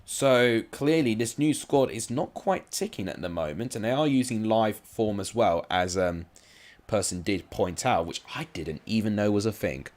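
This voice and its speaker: A man's voice: fairly low pitch, animated, normal speed, a little mellow. A man giving casual live-stream commentary on simulated football matches, chatty and rambling, with asides to his viewers.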